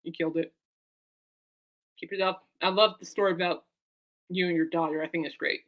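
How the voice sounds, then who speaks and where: A woman's voice: lowish voice, steady tone, brisk, phone-quality sound. A woman talking casually to her camera as a vlogger and fan, rambling and heartfelt, turning aside to talk to her dog.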